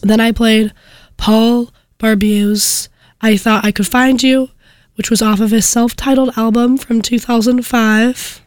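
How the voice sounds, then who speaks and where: A sick young woman hosting a student radio show, talking casually between songs in a soft, quiet voice and rambling with false starts. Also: fairly high pitch, fairly even intonation, a little slow, no echo. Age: young adult. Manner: rambling, hesitant with restarts.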